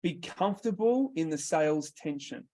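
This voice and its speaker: A man's voice: on the high side, animated, normal speed, mellow. A man with an Australian accent coaching a sales workshop, direct and quizzing his group as he goes. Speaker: sales trainer.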